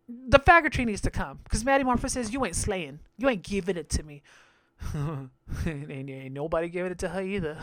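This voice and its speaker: A man's voice: high-pitched, fairly bright tone, dry recording, studio quality. A man giving casual episode commentary on a reality show, sassy, crude and gossipy, laughing often.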